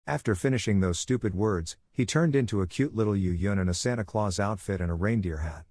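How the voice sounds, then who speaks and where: In a fairly low voice, a man runs through a comic story recap at a brisk clip, with hardly any pauses. He keeps every line, spoken dialogue and action alike, at one even, steady pace. The audio is close and dry, free of room echo.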